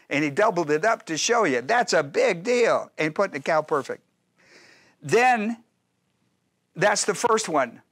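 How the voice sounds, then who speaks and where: A man's voice: high-pitched, fairly bright tone, no echo, clean studio sound. A man teaching a Bible study as pastor, talking in an emphatic, repetitive way and checking often that his listeners follow.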